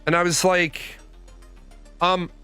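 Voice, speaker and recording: A man's voice: sits high, lively intonation, moderate pace, bright, forceful tone, soft background music. A middle-aged man giving blunt, profane opinions in casual commentary, answering his viewers' comments as a show host. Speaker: podcast host.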